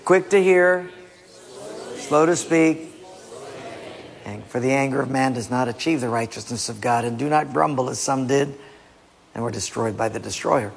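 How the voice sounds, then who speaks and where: A male pastor preaching a sermon with animated delivery, acting out little skits and quizzing the listeners. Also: medium pitch, moderate pace, gravelly, long pauses. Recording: long hall reverb.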